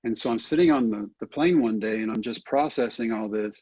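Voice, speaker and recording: Earnest folksy middle-aged man, husky voice. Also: fairly low pitch, brisk, darkish tone, no room sound, highs cut off. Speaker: guest. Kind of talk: storytelling interview answer.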